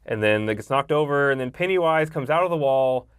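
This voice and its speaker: A quick, rapid-fire man in casual movie talk, opinionated and loose with swearing. He keeps slipping into characters' lines to make his point. His voice sounds close and dry, with no room around it. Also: mid-range voice, lively intonation, smooth, no echo. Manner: often acts out characters' lines. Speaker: podcast co-host. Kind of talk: casual movie review chat.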